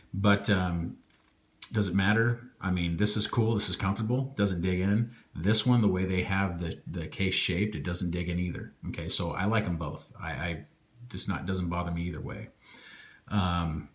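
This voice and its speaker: A man with a low voice walks through a watch comparison in a relaxed, rambling way. He keeps checking in with a quick "okay?" and fills his pauses with ums. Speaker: watch reviewer. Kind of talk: casual product review.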